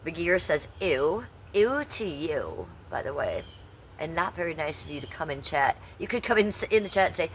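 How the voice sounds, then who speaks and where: A woman in her fifties talks to her live-stream chat in a brash, salty way, answering viewers by name. Her voice sits a touch low. A faint hum of noise runs under it. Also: expressive, normal speed. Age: 50s. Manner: brash, chatty, reads out chat. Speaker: livestreamer.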